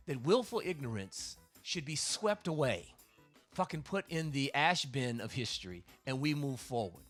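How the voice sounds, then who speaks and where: A man's voice: mid-range voice, a bit bright. A man, a comedian hosting a livestream, talking in a casual monologue that is emphatic, profane and rambling, with restarts.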